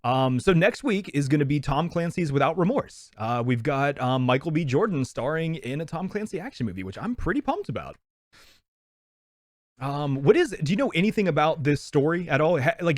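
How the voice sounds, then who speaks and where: A man's voice: a little high, animated, brisk, no echo, studio quality. A man co-hosting a movie podcast, chatting casually, laughing easily and often repeating himself. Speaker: podcast co-host. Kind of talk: casual movie review chat.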